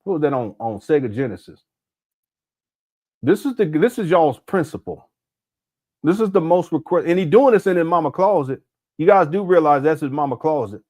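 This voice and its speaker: Man, somewhat high voice, mocking live commentary, laughs a lot. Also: lively intonation, moderate pace, long pauses, darkish tone. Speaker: commentary channel host.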